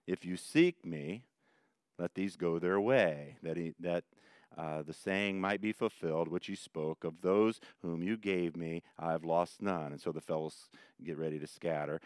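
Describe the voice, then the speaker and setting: Male pastor, sermon delivery, smooth clear voice, dry close sound, animated retelling. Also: low-pitched, no room sound. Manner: animated, dramatic retelling with rising emphasis. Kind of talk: expository sermon.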